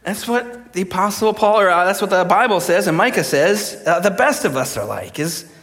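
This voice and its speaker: A man's voice: high-pitched, moderate pace. A young adult male pastor preaching a sermon, joking and acting out quotes as he tells stories. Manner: animated storyteller, jokey, acts out quotes. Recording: long hall reverb.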